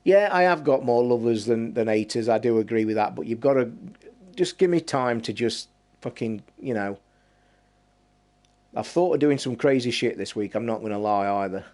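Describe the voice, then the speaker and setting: A man's voice: medium pitch, expressive, a little mellow. Fired-up man in his fifties. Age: 50s. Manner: heated, passionate, swearing, drawn-out emphasis. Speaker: podcast host. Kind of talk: live stream rant.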